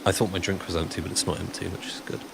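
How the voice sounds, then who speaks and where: A man's voice: deep voice, flat delivery, very fast, gravelly, background noise. A man chatting casually and rambling on a live stream while he builds, answering chat as he goes.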